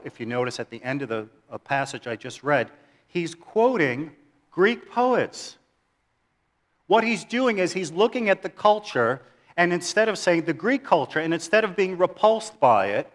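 A middle-aged man preaches a sermon in a church. His voice sits a little high, and he talks with lively energy, putting questions to the congregation and joking with them. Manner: animated, asks the audience questions, jokes. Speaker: pastor.

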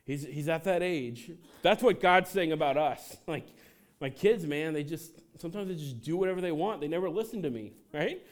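A man in his thirties preaching a sermon in a church, talking in a casual, conversational way with frequent fillers, restarts and animated asides. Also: fairly high pitch, moderate pace. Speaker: pastor. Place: church sanctuary.

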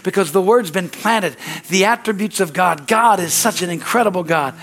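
A man preaching a sermon and leading a closing prayer, fervent and repetitive, building to loud exclamations. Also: high voice, moderate pace, few pauses.

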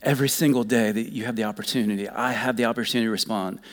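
Man, pastor, sermon, lowish voice, passionate, loud-to-hushed delivery. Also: steady tone, rapid-fire. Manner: impassioned, swings from loud urging to soft near-whispers.

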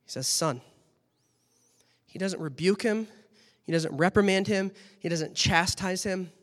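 A man preaching a sermon, telling the story in an animated way and acting out its scenes. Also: sits high, normal speed. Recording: long hall reverb.

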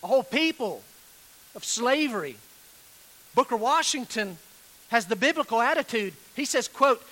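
A man preaching a sermon, earnest and pleading, slowing down to stress key phrases. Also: extremely high pitch, lively intonation, fairly bright tone, rough recording. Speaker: pastor.

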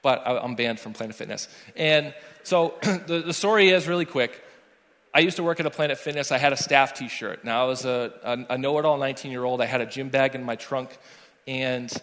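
A man's voice: mid-range voice, a little fast. Young male worship leader, storytelling sermon, voices the dialogue, long hall reverb. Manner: animated storyteller acting out dialogue. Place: church sanctuary.

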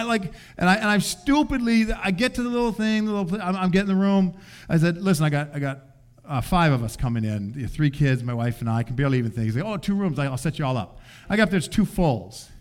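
An older man preaching, telling a family story in an animated way and acting out voices. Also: fairly high pitch. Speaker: pastor. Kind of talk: sermon storytelling.

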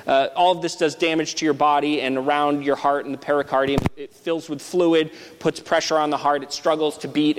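A man teaching through a Bible passage in a conversational sermon style, often checking in with "right?". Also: medium pitch. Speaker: preacher. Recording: long hall reverb with background noise.

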